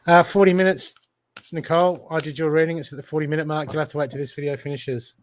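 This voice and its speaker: A man's voice: fairly high pitch, fairly even intonation, fast talker. Australian male intuitive reader, live-stream readings, direct address, keeps checking in with the viewer.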